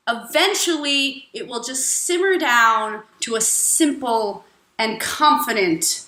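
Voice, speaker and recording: A woman's voice: on the high side, slow pace, bright, forceful tone. A woman hosting an advice vlog, answering viewer questions in a playful, blunt, irreverent way. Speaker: host. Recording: echoey room with faint music.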